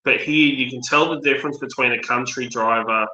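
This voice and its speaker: A man with an Australian accent chatting casually on a video call, blunt and quick to swear as he tells stories. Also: mid-range voice, steady tone, sharp tone, lo-fi sound. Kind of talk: casual chat. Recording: roomy sound.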